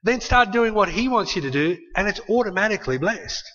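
A man preaching a sermon in a conversational, animated way, often ending points with a tag question. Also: high voice, fairly quick, muffled recording.

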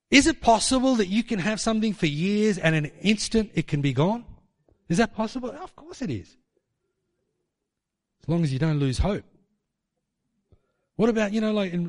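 A man preaching a sermon, telling stories and asking rhetorical questions. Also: sits high. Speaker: pastor.

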